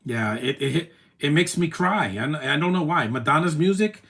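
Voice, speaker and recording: A man streaming his reaction to a movie, talking in an emotional, rambling way with many "man" tags and the odd loud taunt. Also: a little high, expressive, normal speed. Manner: soft-spoken, with sudden loud taunting outbursts. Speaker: live streamer.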